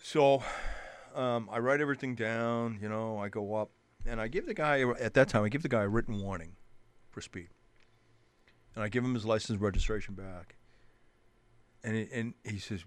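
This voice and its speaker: A man, a police officer, telling an old traffic-stop story in a relaxed chat, restarting his sentences often. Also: mid-range voice, moderate pace, no room sound. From New Hampshire, US. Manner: rambling, many restarts, animated retelling. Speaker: police officer guest on a show. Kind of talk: casual storytelling.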